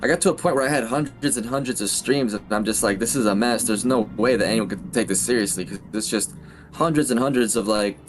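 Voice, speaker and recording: A man's voice: lowish voice, fast, over music. A man streaming a game, chatting casually and loosely with lots of slang. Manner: laid-back, slangy, says dude and bro. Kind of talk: casual gaming chat.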